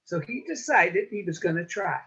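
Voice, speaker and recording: Animated woman telling a folk tale. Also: on the low side, normal speed, husky, lo-fi sound. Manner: animated, rhythmic repetition. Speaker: storyteller. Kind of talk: oral storytelling.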